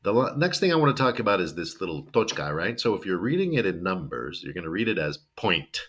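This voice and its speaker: A man teaching English to learners, explaining slowly and drilling words with exaggerated pronunciation, often checking in with "right?". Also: low-pitched, sing-song, fairly bright tone, husky. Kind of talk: video lesson for learners.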